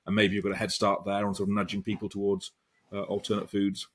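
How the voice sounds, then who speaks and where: A professor talks through an interview in a loose, rambling way, often restarting his sentences. His voice sits low and has a husky edge. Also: completely flat delivery, fast. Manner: rambling, many ums and restarts. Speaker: professor and author, interview guest. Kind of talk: conversational interview answers.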